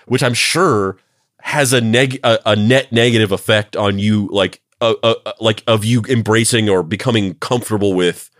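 A man's voice: fairly low pitch, moderate pace, fairly bright tone, no echo, clean studio sound. A man co-hosting a podcast, chatting casually and loosely, repeating himself as he builds a point. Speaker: podcast co-host. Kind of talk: casual chat.

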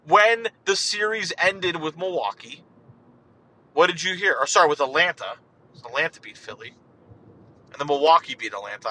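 Rambling man with a bright voice. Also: a little high, rough recording. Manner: rambling, digressive, rhetorical questions. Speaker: podcast host. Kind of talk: casual solo sports podcast monologue.

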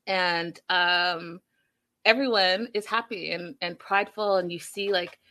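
A woman in her thirties recaps a reality show for her viewers, speaking straight to them in an animated, casual way. Her voice is on the low side and she takes her time.

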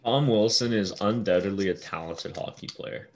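A man's voice: on the low side, normal speed, a little hiss or hum. A man co-hosting a casual hockey podcast, laying out standings and points steadily. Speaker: podcast co-host.

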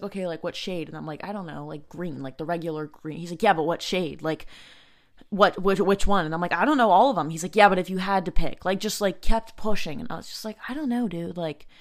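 A young woman hosting a podcast, telling a personal story in a casual, halting way, full of fillers and restarts. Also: lowish voice. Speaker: podcast host.

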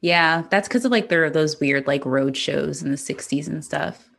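A woman's voice: low-pitched, normal speed, creaky, fairly bright tone. A woman co-hosting a casual movie podcast, making sarcastic, crude jokes and laughing often. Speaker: podcast co-host. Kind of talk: casual movie-recap chat.

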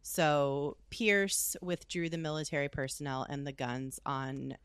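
A woman's voice: sits low, measured pace, smooth, no room sound. A woman co-hosting a podcast, telling a story in casual, profane chat and laughing often. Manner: profane, animated, laughs a lot. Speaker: podcast co-host.

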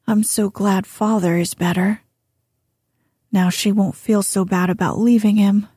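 A woman's voice: medium pitch, fairly even intonation, a little slow, warm tone, husky, dry recording, clean studio sound. A woman voicing a spirited, earnest young woman in an audiobook. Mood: grateful.

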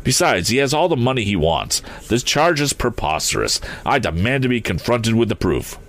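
A man's voice: mid-range voice, very animated, normal speed, fairly bright tone, pitched above the performer's own voice. A man voicing an aged inventor and father in a read-aloud story, flustered and indignant, protesting with stammering outrage. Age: older. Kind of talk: audiobook character voice.

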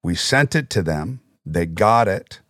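Low-voiced man telling candid stories. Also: measured pace, no room sound, studio quality. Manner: animated anecdotes with frequent swearing. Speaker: podcast guest. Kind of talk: casual storytelling conversation.

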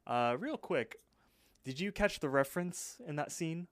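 A man's voice: fairly high pitch, lively intonation, a little slow, dry recording. Dry-sounding man recapping casually. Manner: rambling, with fillers. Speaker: podcast co-host.

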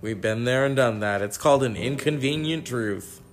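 A man doing an impression of an older male politician, drawling slowly and using pet names. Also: mid-range voice, faint music behind, pitched below the performer's own voice, natural voice.

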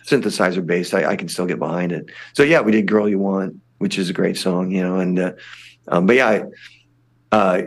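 Gravelly older man, rambling chat. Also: low-pitched, fairly quick. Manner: rambling, many restarts and fillers. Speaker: lead singer of a punk band, podcast guest. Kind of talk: casual interview chat.

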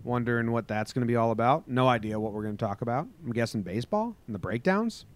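A man's voice: mid-range voice, animated, quick pace, a little hiss or hum. A man co-hosting a podcast, chatting loosely and joking as he reads odd news headlines. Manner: loose, joking, swears casually. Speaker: podcast co-host. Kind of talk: casual podcast chat and news rundown.

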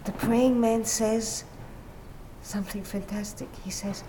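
A woman discussing literature in conversation, animated and acting out quoted dialogue. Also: mid-range voice, unhurried, slight background noise. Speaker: literature commentator. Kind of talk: conversational explanation.

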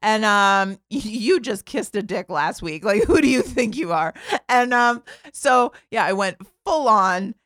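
A woman's voice: medium pitch, measured pace, no echo, studio quality. A woman in her forties casually telling a funny personal story, full of fillers, acting out the voices of the people in it. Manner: animated, lots of "like", acts out voices. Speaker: podcast guest telling a story.

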